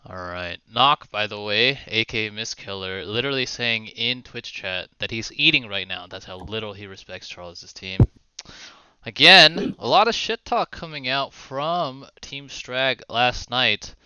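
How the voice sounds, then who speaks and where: Esports host dude, super bright crisp voice, dry close mic, kinda lo-fi. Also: male voice, medium pitch, unhurried, no room sound. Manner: lively, laughs a lot, swears casually. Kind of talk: casual streamed esports commentary.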